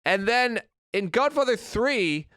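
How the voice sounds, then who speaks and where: A man's voice: very high voice, animated, slow, sharp tone, clear, resonant tone, no room sound, clean studio sound. A man co-hosting a podcast remotely, giving opinionated, profane rants in casual chat. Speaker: podcast co-host. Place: remote recording.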